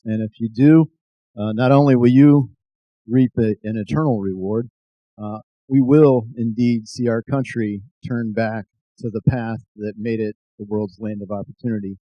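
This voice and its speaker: A man's voice: fairly low pitch, steady tone, normal speed, no echo, dull audio. Earnest man giving a testimony speech. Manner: earnest, builds to emphatic exhortation. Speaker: speaker.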